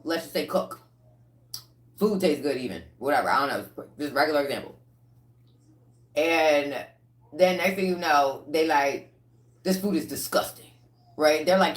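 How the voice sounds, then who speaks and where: A woman tarot reader talking to her viewers in a casual livestream reading, blunt and profane, with lively rants. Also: a bass voice, reverberant.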